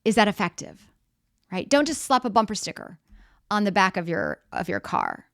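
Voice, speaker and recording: Smooth-voiced middle-aged woman giving a talk. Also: medium pitch, huge pitch swings, normal speed, dry recording, clean studio sound. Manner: conversational, plays out scenes, asks the audience questions. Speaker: speaker. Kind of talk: motivational stage talk.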